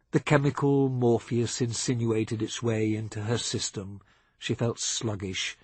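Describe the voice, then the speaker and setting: A man reading a novel aloud as audiobook narrator, measured and expressive, on a close studio mic. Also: lowish voice, slightly rough, dry recording.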